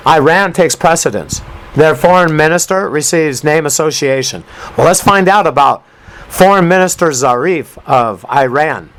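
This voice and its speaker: A man's voice: a little high, moderate pace, a bit bright, rough recording. A man hosting a talk radio show, commenting on a news clip in an emphatic, rambling way with rhyming asides. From United States.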